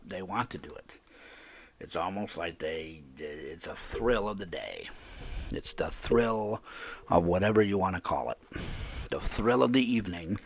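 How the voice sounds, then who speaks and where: A man's voice: sits low, breathy edge. A man hosting a live call-in podcast, ranting indignantly and repeating himself. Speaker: podcast host.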